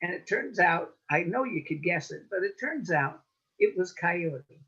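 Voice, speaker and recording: A woman storyteller telling a folk tale to an audience in an animated, rhythmic way over a video call, with dull lo-fi audio. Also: lowish voice, unhurried, breathy edge. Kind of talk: oral storytelling.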